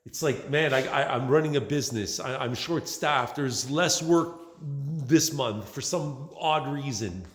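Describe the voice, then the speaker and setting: A man's voice: medium pitch, unhurried, hardly any pauses, a bit bright. A middle-aged man and small business owner venting in a profane, exasperated monologue, constantly saying "man". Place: large bare workspace under renovation. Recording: echoey hall with long reverb.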